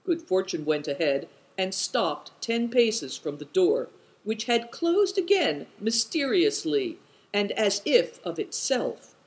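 An audiobook narrator reads an adventure tale in a measured, descriptive way, with a mid-register voice whose pitch rises and falls expressively. The delivery is very animated, though the audio quality is poor.

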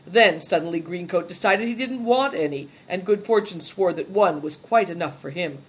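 An audiobook narrator reading at a steady, measured pace. The delivery is plain and even, moving the story along without fuss. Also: mid-range voice, husky.

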